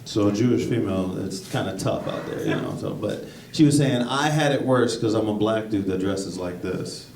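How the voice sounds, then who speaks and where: Speaking at a normal speed with hardly any pauses, a fairly low-voiced man does stand-up in a club, chatting with the crowd between jokes. Audience laughter fills the background of the echoey, noisy recording, where the mic sounds distant.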